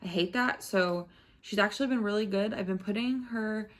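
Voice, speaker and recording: A woman's voice: medium pitch, normal speed. A young woman and new mother giving her views in a casual vlog, talking frankly with many filler words. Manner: chatty, frank, lots of "like" fillers. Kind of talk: casual parenting chat.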